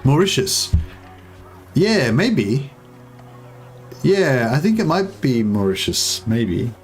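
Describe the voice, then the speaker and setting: Speaking slowly with big swings in pitch from a medium register, this young gaming streamer chats over soft background music. He rambles through a strategy game in casual let's-play style, joking with his audience and swearing at times.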